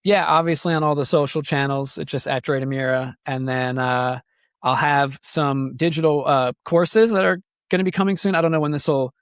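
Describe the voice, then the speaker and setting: Chatty guitarist man, slightly high voice. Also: fairly even intonation, normal speed, clean tone, no echo, studio quality. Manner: rambling, filler-heavy storytelling. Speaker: guest guitarist. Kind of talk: casual podcast conversation.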